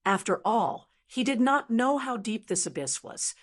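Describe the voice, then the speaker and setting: A woman's synthetic voice reading an audiobook in even, steady scripted narration. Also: fairly high pitch, measured pace, husky.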